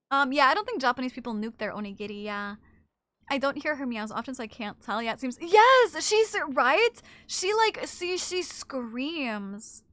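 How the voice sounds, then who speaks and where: A high-pitched woman streams while she plays, chatting casually with her live chat and often cooing softly to her cat. The recording is dry.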